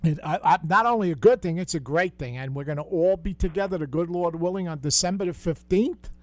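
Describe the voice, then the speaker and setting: A man's voice: on the high side, a little fast, dry recording. An older man hosting a call-in radio show, chatty and full of corny jokes. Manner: joking, chatty, folksy.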